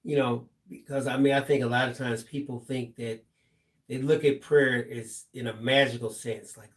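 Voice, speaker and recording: A man's voice: medium pitch, fairly even intonation, moderate pace. A middle-aged man co-hosting a live craft stream, easygoing and casual, reading viewer comments aloud and musing reflectively.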